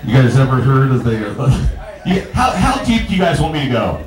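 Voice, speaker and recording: A man's voice: medium pitch, sing-song, fairly quick. A man doing a stand-up comedy set in a small bar, telling rambling, stammering stories and bantering with the crowd. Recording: echoey bar room.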